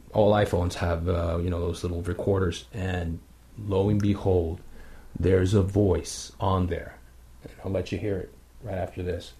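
Low, gravelly male guest; loose, rambling anecdote delivery. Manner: rambling, many fillers, animated retelling. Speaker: guest paranormal investigator. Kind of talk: casual storytelling chat.

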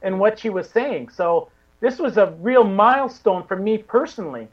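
Female investigator guest who rambles, with many restarts. Mid-pitched voice on dull, lo-fi audio. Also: animated, moderate pace. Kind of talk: casual interview chat.

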